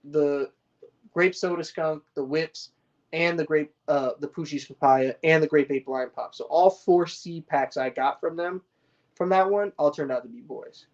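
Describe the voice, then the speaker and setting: Streaming to viewers, a cannabis grower talks a little slowly in a highish voice, and the recording has its highs cut off. It is casual livestream chat, rambling and full of swearing, slang and restarts.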